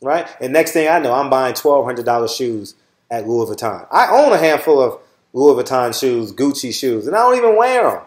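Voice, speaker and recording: A man's voice: mid-range voice, sing-song, moderate pace, reverberant. A middle-aged man with a Southern Californian accent, hosting his own channel and lecturing his viewers bluntly, swearing freely and asking "all right?" again and again. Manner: repeats "all right?" often. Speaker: channel host. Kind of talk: casual monologue to viewers.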